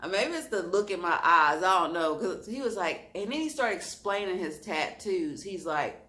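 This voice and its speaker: A woman vlogger telling a storytime in a lively, expressive way, laughing at her own story. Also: lowish voice, normal speed.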